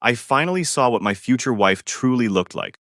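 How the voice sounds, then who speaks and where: A man narrating a first-person drama story in a calm, even scripted reading. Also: medium pitch, normal speed, no room sound, clean studio sound.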